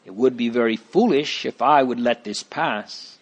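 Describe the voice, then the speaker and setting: A man's voice: medium pitch, normal speed, slightly rough. A man reading a story aloud, voicing a grieving but determined woman setting out on a journey. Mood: earnest. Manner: earnest, resolute.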